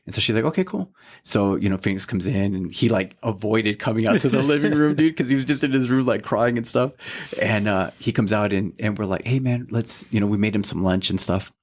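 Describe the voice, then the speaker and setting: A man's voice: on the low side, fairly even intonation, fairly quick. A man in his thirties co-hosting a faith podcast, telling a story about his son in a casual, earnest way and quoting what everyone said, with a lot of "you know what I mean.". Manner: heartfelt, earnest parental tone. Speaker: podcast co-host. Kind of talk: casual chat.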